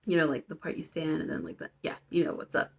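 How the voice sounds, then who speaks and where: This young student vlogger talks fast, her low, slightly mellow voice barely moving in pitch. She's recapping a story in a loose, rambling way, tossing in fillers and playful quoted lines.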